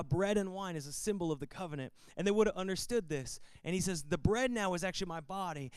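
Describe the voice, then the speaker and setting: Guy preaching a sermon, pretty high voice, crisp, leans on repeats. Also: no room sound. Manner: preaching with rising emphasis and repetition. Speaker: pastor.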